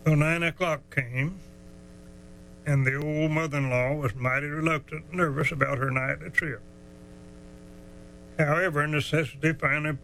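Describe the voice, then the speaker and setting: A man spins a folksy tale in a bright, forceful voice pitched a little high. He drawls and chuckles along, and stretches out the tense moments. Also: slight background noise, poor audio. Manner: drawling, chuckling, dramatic slowdowns. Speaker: storyteller. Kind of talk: folksy storytelling.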